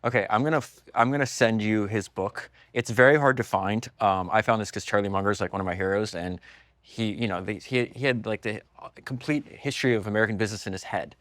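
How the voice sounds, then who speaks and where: A man in a mid-range voice talks rapidly and eagerly, piling on asides and "like"s as he hosts the conversation. The recording is dry and close to the mic. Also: on the low side, a bit bright, dry recording. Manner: enthusiastic storyteller, many "like"s. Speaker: podcast host. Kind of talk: casual conversational interview.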